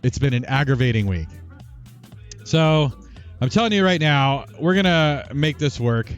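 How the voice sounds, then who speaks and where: A man hosting a gaming livestream, telling a long rambling story with restarts and asides, and speaking quietly at times. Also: medium pitch, animated, measured pace, clear, resonant tone, highs cut off, soft background music. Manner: talks quietly at times for housemates. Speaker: streamer and show host. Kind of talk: casual livestream chat.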